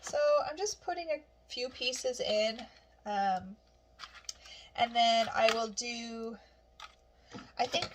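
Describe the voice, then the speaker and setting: A woman's voice: a little high, heavy background noise. A woman vlogging casually at home, chatting cheerfully while she cooks. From Canada. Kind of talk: casual chat.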